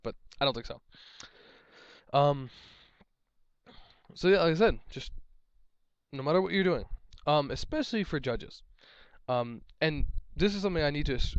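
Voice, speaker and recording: A young man talks through casual advice as a tournament judge, rambling and exasperated, circling back over his own points. His voice sits a little high and comes through smooth and clear. The recording is dry and slightly dull, like a cheap lo-fi mic. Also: moderate pace, pauses often, no echo. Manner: rambling, exasperated, repeats himself.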